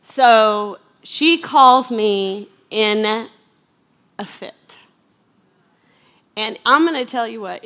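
A middle-aged woman giving a heartfelt personal testimony at church, halting, with many fillers and restarts. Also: a little high, fairly bright tone. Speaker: speaker sharing testimony at a church.

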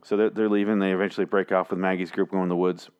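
A man's voice: sits low, level tone, rapid-fire, darkish tone, smooth. A man recapping comic chapters in a casual, rambling, sarcastic monologue, swearing freely and slipping into mock voices. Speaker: comic book reviewer.

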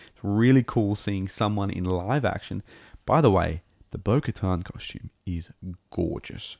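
A man's voice: low-pitched, gravelly, darkish tone, no echo. A man recapping a show episode in a casual, rambling and enthusiastic way, with lots of ums and restarts. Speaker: show reviewer.

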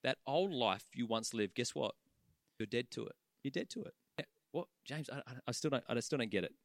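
A man preaching a sermon in church, animated and conversational, acting out the voices of the people he talks about. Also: mid-range voice, fairly quick, creaky, no room sound, studio quality.

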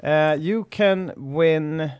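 A man with a Swedish accent co-hosting a podcast in casual chat, talking haltingly with many restarts and frequent laughs. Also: fairly high pitch, darkish tone, clear, resonant tone, highs cut off. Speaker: podcast co-host.

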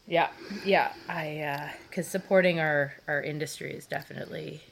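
A woman co-hosting a podcast in casual conversation, agreeable and quick to affirm. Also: deep voice, fairly even intonation, gravelly. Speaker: podcast co-host. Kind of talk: casual chat.

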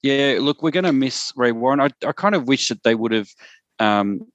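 A man's voice: medium pitch, expressive, moderate pace, no room sound, dull audio. A man hosting a casual sports podcast, talking in a chatty, rambling, reflective way. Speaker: podcast host.

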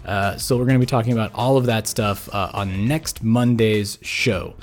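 A man's voice: fairly low pitch, normal speed, soft background music. A burned-out, exhausted man hosting a podcast, rambling through a casual sign-off with lots of fillers and restarts, mumbling at times. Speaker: podcast host.

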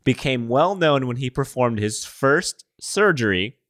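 A man's voice: mid-range voice, lively intonation, unhurried, fairly bright tone, dry recording, studio quality. Playful man reading news with jokes. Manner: jokey, laughs while reading, mangles names on purpose. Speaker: podcast co-host. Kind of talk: casual chat, reading news items.

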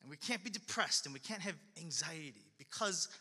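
A man's voice: fairly high pitch, lively intonation, brisk, pushed and bright, husky, in a large hall. A man preaching a sermon in an earnest, casual and conversational way, often repeating his main line. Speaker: pastor.

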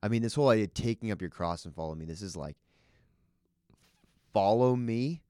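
Man, very deep dark tired voice, laid-back church podcast co-host. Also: fairly quick, clean tone, dry recording, clean studio sound. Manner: deep, tired, low-key agreeing.

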